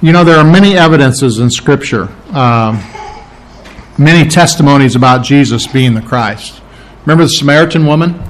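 A man's voice: medium pitch, moderate pace. A pastor preaching a sermon, teaching conversationally, asking the congregation questions and restarting phrases as he thinks aloud. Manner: restarts and repeats words while thinking aloud.

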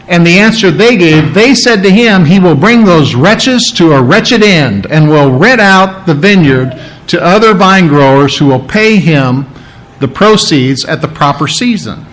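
A man's voice: on the high side, a bit bright, low-quality recording. A man preaching a sermon in a teaching, conversational way, checking in with his listeners and often restarting his phrases. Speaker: pastor.

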